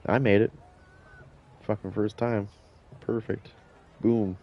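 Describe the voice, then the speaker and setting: A man's voice: on the low side, measured pace, long pauses, lo-fi sound. A man telling boastful, profane stories in a casual chat while streaming a game, acting out what people said. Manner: swears a lot, boastful, acts out quotes. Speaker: gaming streamer.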